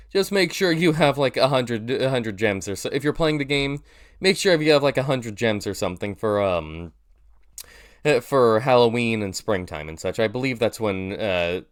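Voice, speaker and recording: A young man with a nasal voice, rambling through casual reaction commentary with lots of fillers and restarts, poking fun at himself. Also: mid-range voice. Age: young adult. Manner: rambling, self-deprecating, many fillers and restarts. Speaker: YouTuber reacting to his old video.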